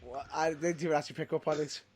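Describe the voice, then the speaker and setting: A man co-hosting a casual chat show, excitable, with loud outbursts and rapid rambling asides. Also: on the high side, crowd noise. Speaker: podcast co-host.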